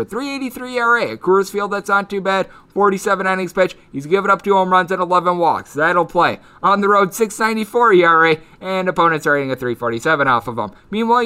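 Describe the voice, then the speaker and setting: A man hosting a sports betting podcast, running through team stats, player numbers and betting lines in rapid lists. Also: high-pitched, bright, forceful tone, smooth. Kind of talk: solo sports betting analysis. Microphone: headphones and studio mic.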